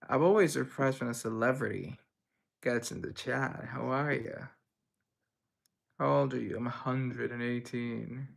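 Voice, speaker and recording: Gravelly young man chatting on a livestream. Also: medium pitch, steady tone, unhurried. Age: young adult. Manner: reads chat aloud and answers, rambling and playful. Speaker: livestream host. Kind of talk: casual livestream chat.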